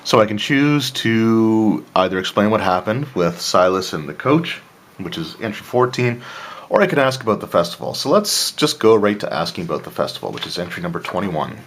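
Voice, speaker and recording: Deep voiced guy reading a choose your own adventure horror game, casual asides, clears his throat a lot. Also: big pitch swings, normal speed, a bit bright. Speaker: player of a solo tabletop adventure. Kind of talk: reading a solo gamebook aloud and commenting.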